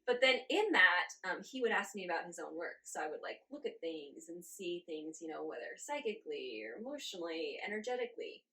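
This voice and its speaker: A woman in her forties, a guest in an interview, telling her story in a lively way, laughing often and acting out her own reactions. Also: lowish voice, a little fast, hardly any pauses. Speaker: guest channeler.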